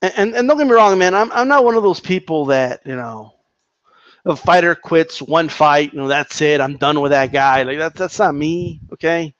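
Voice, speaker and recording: A man with a fairly high voice rants heatedly about boxing, swearing freely and circling back over the same points. He reacts to a live chat as he goes. The sound is dry and a bit dull, like a cheap home mic. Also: normal speed, fairly bright tone, no room sound. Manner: profane, heated, repetitive. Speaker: boxing commentator reading chat. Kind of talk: casual live-stream rant.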